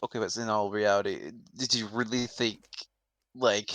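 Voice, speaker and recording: A man with a bright, forceful voice trading jokes with friends during a stream. He swears a lot and laughs often. The sound is close and dry. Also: lowish voice, fairly even intonation, moderate pace, no echo. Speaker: streamer voicing a game. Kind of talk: casual chat with friends.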